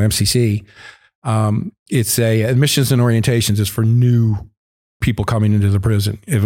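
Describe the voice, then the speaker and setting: A man's voice: mid-range voice, a little mellow. A man casually telling a long story, candid and full of swearing. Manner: profane, candid and rambling.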